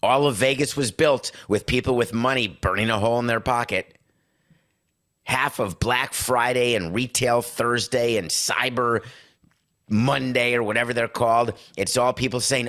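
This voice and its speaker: A man's voice: lowish voice, normal speed, sharp tone. A middle-aged man hosting a sports podcast, giving emphatic, sarcastic opinionated commentary in punchy lists. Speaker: podcast host.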